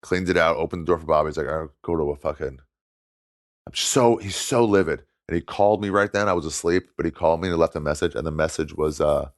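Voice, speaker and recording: Homme américain grave, voix très basse. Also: male voice, quick pace, no room sound, clean studio sound. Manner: animated anecdote-telling with laughs. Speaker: guest comedian. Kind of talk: casual storytelling.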